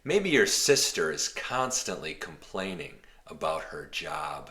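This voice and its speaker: Slow, lively man teaching English. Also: rumbling low. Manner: rephrases each example in simple words. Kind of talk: slow, clear English lesson. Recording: roomy echo.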